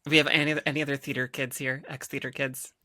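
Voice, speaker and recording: A woman's voice: very deep voice, little pitch movement, fast, pushed and bright, no echo, clean studio sound. A woman from Minnesota co-hosting a casual chat, joking and steering the talk. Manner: joking, playful moderator. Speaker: co-host.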